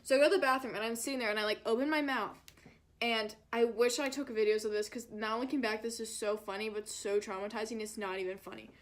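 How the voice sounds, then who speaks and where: A woman's voice: a little high, steady tone, fast talker. A young adult woman telling a storytime vlog in a chatty, dramatic way, full of "like" and fillers. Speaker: vlogger.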